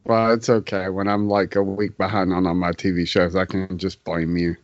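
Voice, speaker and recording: A man co-hosting a podcast in casual chat, telling stories with laid-back, dark humor. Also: low voice, level tone, normal speed, no echo, highs cut off. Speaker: podcast co-host.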